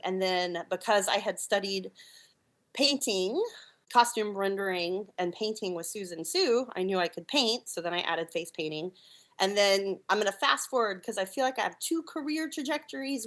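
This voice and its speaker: Middle-aged woman guest, animated storyteller, bright, crisp tone, laughs easily, acts out what people said. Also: mid-range voice. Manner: animated, laughs often, acts out quoted lines. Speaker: puppeteer and clown, interview guest. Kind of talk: casual storytelling interview.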